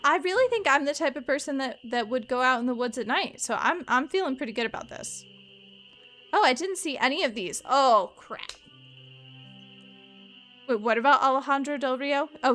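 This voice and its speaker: A woman's voice: high-pitched, sharp tone. A woman streaming a mystery game, chatting casually and rambling in asides to her viewers. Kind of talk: casual let's-play chat.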